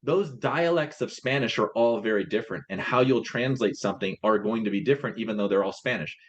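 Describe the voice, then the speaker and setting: Man explaining translation work, low voice. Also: a little fast, dull audio. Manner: explanatory, restarts phrases. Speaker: translation company guest. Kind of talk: casual business chat.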